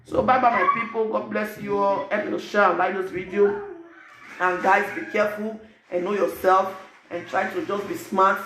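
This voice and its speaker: A man speaking Nigerian Pidgin English, giving animated, preachy advice to his viewers in a casual vlog. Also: high voice, normal speed, echoey room, slight background noise. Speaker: vlogger.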